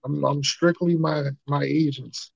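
Casual male podcast host, slangy, a bit higher voice, dry close mic. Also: fairly even intonation, a little slow, gravelly, no echo. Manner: laid-back slangy banter. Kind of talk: casual chat. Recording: dull lo-fi sound.

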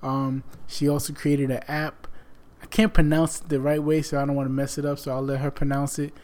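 A man's voice: fairly high pitch, little pitch movement, brisk, darkish tone. A man hosting a podcast in casual chat, rambling with many fillers and restarts, and losing his voice. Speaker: podcast host.

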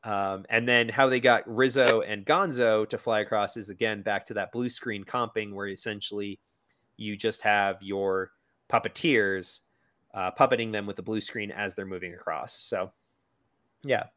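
A man's voice: on the low side, steady tone, moderate pace, a bit bright, no echo. A man co-hosting a podcast, chatting casually about a movie with plenty of fillers and playful asides. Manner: chatty, lots of fillers, quotes characters in a silly voice. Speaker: podcast co-host.

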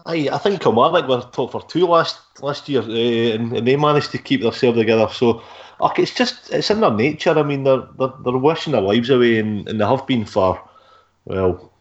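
A man's voice: medium pitch, expressive, moderate pace, muffled recording. A man co-hosting a podcast in an easygoing, rambling way. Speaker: podcast co-host.

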